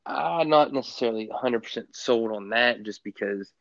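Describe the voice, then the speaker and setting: A man co-hosting a sports podcast in casual chat, rambling with lots of halting restarts. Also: medium pitch, fairly bright tone, no echo. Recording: dull, muffled lo-fi sound.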